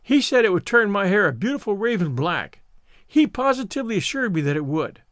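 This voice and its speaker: A man's voice: high voice, sing-song, a little fast, a bit bright, dry recording, clean studio sound. A man reading the part of a dramatic, despairing young orphan girl in a storybook, full of theatrical self-pity. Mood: pleading. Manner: theatrical, self-pitying laments.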